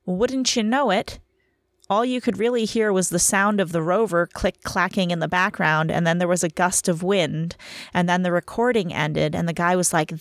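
A woman in her thirties talks through a casual podcast monologue in a lowish voice. She rambles and teases herself, sounding tired from a short night. The recording is dry and close, with no room sound. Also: moderate pace, no room sound. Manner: self-deprecating, chatty, rambling. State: tired from lack of sleep. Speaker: podcast host.

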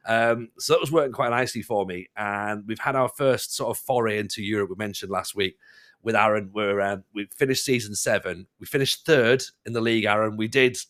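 A man's voice: lowish voice, fairly even intonation, fairly quick, a bit bright. A man hosting a casual podcast, rambling through stories with restarts and laughing at himself. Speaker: podcast host. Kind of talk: casual chat.

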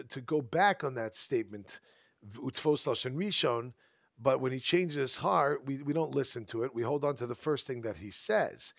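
A man's voice: medium pitch, creaky, no echo. Man teaching Talmud in a sing-song. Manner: explains in a sing-song learning chant, mixing Aramaic and English. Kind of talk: Talmud study lesson.

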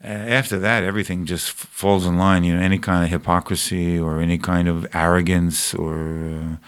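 Male comedian guest, deep voice, thoughtful and earnest. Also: flat delivery, a little fast, clear, resonant tone. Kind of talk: casual chat.

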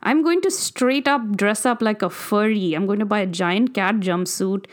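A woman's voice: medium pitch, normal speed. A woman co-hosting a podcast in casual chat, sassy and opinionated, with theatrical asides. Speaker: podcast co-host.

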